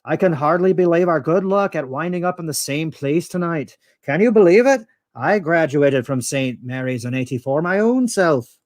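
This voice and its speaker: A man voices a jovial Irish man in a pub, using an Irish accent and an exclaiming, sing-song manner that sounds amazed. His natural voice is pitched a little high, above his own, with lively intonation at a moderate pace. The recording is dry and studio quality.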